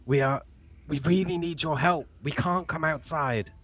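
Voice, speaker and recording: A man's voice: fairly high pitch, normal speed, fairly bright tone. A man doing a nervous townsman behind a door.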